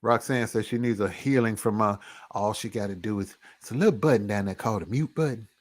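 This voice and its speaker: Vlogging his personal testimony, a man speaks quickly in a fairly low voice. He's casual yet earnest and reflective as he tells the story, sometimes lowering to a near hush.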